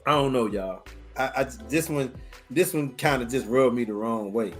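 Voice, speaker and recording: A man's voice: medium pitch, moderate pace, faint music behind. A man in his forties hosting a podcast, talking casually with a profane, exasperated manner. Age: 40s. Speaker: podcast host.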